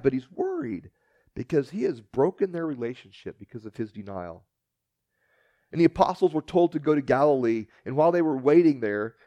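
A man preaching a sermon, retelling scripture as a story and acting out the dialogue with big swings in pitch and loudness. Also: no echo. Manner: storytelling, acts out the dialogue with shifting pitch and volume.

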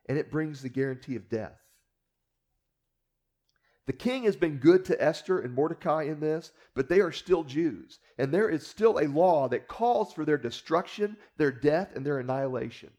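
A man's voice: a little high, lively intonation, moderate pace, warm tone. A man preacher teaching a Bible story in a casual storytelling way, with rhetorical asides to the listeners.

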